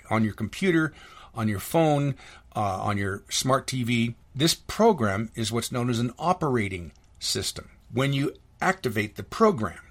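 A man hosting a solo podcast, ranting in an indignant, sarcastic, rambling way, from the United States, stumbling over restarts and jumping up in pitch when he gets worked up. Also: a bit bright. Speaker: podcast host.

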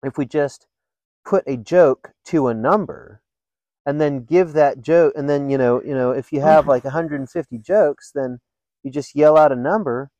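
A man hosting a podcast, telling funny stories in a casual, animated way and laughing often. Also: fairly high pitch, normal speed, dry recording, highs cut off. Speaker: podcast host. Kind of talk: casual storytelling chat.

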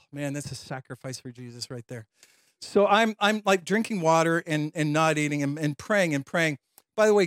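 Animated high-voiced male preacher. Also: no echo, clean studio sound. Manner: animated, laughing storyteller acting out voices. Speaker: pastor. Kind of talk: storytelling sermon.

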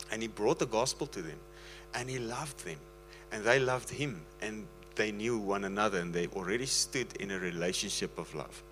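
A man's voice: medium pitch, a bit bright, low-quality recording. Earnest pleading male preacher. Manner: earnest, pleading, breaks into laughter. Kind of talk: casual sermon talk.

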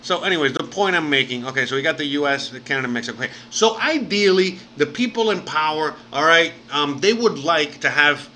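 A man from Miami hosts a loose live stream and talks in a rambling way, packed with fillers and the odd curse. He reads viewers' names aloud and thanks them. His voice is fairly high and forceful, with a sharp, bright edge. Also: animated, a little fast, few pauses, a little hiss or hum, low-quality recording. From Miami, United States. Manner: rambling and chatty, full of fillers and casual swearing. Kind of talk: casual live-stream chat.

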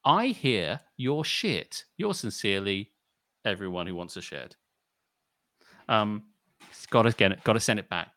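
A man's voice: on the low side, animated, measured pace, pauses often, a bit bright, dry recording. A man co-hosting a podcast, ranting and swearing in casual chat. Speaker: podcast co-host.

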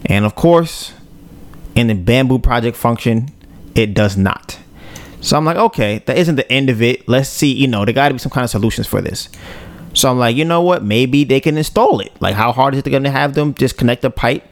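A man on a podcast, telling a story in a relaxed, slangy way. His mid-range voice has a gravelly fry, and the sound is close and dry with almost no room. He acts out his own quoted reactions as he goes. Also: mid-range voice, brisk, no echo. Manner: slangy and loose, with "bro" and "yo". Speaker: podcast host. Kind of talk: casual storytelling.

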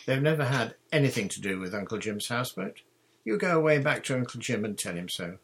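A man's voice: mid-range voice, big pitch swings, fairly bright tone, slightly rough, voice pushed up, exaggerated voice. A man reading a storybook, voicing a bold, bossy girl who leads her friends like a pirate captain. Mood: commanding. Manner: commanding, brisk, dramatic.

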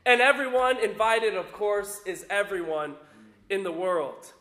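High-voiced man preaching in a roomy echo. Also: a little slow. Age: adult with young children. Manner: animated, emphatic preaching. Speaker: pastor. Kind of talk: sermon with personal storytelling.

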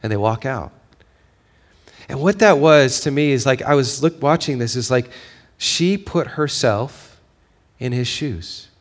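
Man, pastor, sermon, conversational, drops soft then rises to emphatic, mid-pitched voice. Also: lively intonation, measured pace. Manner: swings from quiet, intimate storytelling to raised, emphatic preaching; conversational, with fillers and frequent "right?".

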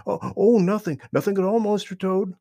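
A man's voice: sits high, fairly even intonation, normal speed, mellow, no room sound, studio quality, pitched above the performer's own voice. A man voicing a cheerful, cheeky young male skunk in a storybook reading, with bouncy sing-song rhymes and eager polite excuses.

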